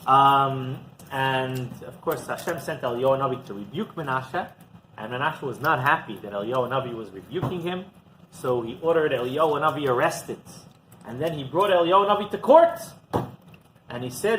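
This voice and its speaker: A man, a rabbi, retelling a Midrash story in an animated Torah talk, raising his voice for the quoted speeches. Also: mid-range voice, normal speed, a little hiss or hum, low-quality recording.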